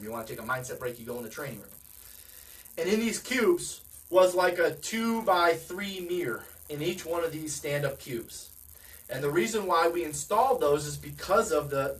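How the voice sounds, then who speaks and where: A man's voice: on the high side, a bit bright, distant mic, poor audio. A man giving a direct, conversational sales training talk, often asking his listeners questions. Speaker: real estate sales coach.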